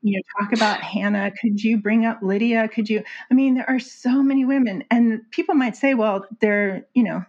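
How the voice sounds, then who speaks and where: A woman speaking as an author and guest in a conversational interview, earnest and animated, laughing often. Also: on the high side, brisk, hardly any pauses. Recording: slightly dull lo-fi audio.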